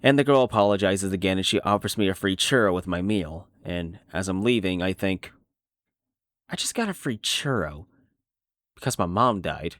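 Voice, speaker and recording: A man's voice: low-pitched, lively intonation, normal speed, fairly bright tone, dry recording, clean studio sound. A man doing a sardonic washed-up horse, BoJack. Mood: bitter. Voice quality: sardonic, rambling, self-deprecating. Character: cynical middle-aged male horse, washed-up star. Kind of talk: fan voice dub of animated series.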